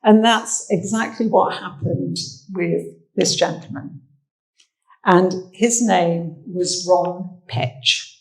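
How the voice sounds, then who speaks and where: A woman's voice: lowish voice, slow, creaky, poor audio. An English woman, a social history researcher, giving a chatty, anecdotal armchair talk about old photographs, with fillers. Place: indoor talk venue.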